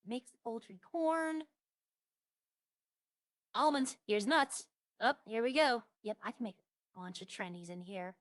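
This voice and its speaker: A young woman with a fairly high voice chats casually while streaming a roleplay game, musing aloud and listing items as she browses. The sound is dry and close, with no room echo. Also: unhurried, long pauses.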